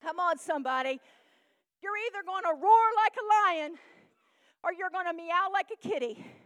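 A woman preaching a sermon, calling out to the congregation and swinging from shouts to hushed tones. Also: very high voice, normal speed, dry recording.

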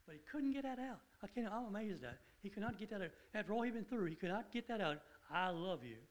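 Man, informal Bible teacher, earnest and conversational, slightly high voice, hammers his points by repetition. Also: animated, quick pace, poor audio. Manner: earnest, conversational, repeats points with rising emphasis.

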